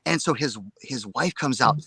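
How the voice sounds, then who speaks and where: A man co-hosting a casual live chat, telling a story in an excitable, rambling way and repeating his words. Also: mid-range voice, moderate pace, vocal fry, breathy edge, dry recording. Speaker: reseller show co-host.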